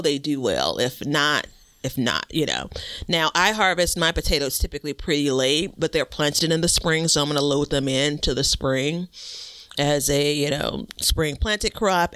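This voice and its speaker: A man co-hosting a relaxed gardening talk show from home on a computer mic, easygoing and self-deprecating, with lots of fillers. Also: on the high side, clear, resonant tone, no room sound. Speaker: podcast co-host. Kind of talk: casual gardening chat.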